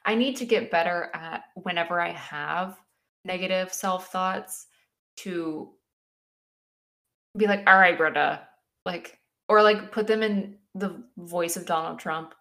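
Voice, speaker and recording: A woman co-hosting a casual podcast chat, animated and swearing, laughing a lot. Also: on the low side, slow. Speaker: podcast co-host.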